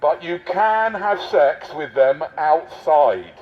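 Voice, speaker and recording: Man doing a satirical street bit; high voice, muffled outdoor camera audio. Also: expressive, slow pace. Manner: mock-officious, teasing, addresses passers-by. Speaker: street prankster posing as covid marshal. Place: busy city street outdoors. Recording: dull lo-fi street recording.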